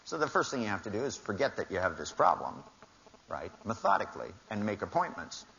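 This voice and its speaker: A man's voice: lowish voice, big pitch swings, brisk, vocal fry, pushed and bright. An older man giving a seminar talk to a live audience, telling wry anecdotes and acting out the dialogue with shifting voices. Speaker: seminar speaker. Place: large hall with audience. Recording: dull lo-fi live talk recording.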